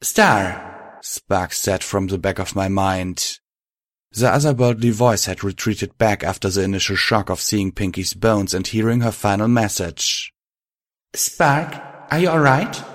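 Measured, low-voiced male storyteller. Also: dry recording, clean studio sound. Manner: measured, reflective. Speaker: audiobook reader. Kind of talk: first-person fan fiction narration.

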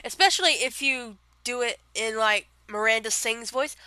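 A young woman with a Southern accent chats casually on a vlog while answering a question tag, her fairly high voice sharp in tone, at normal speed, with hardly any pauses. She rambles with lots of fillers and giggles often. There's no room sound.

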